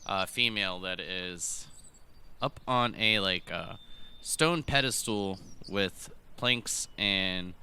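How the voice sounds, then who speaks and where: A man's voice: deep voice, slow pace, clear, resonant tone. A man running a tabletop game as game master, narrating with many fillers. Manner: lively, filler-heavy narration.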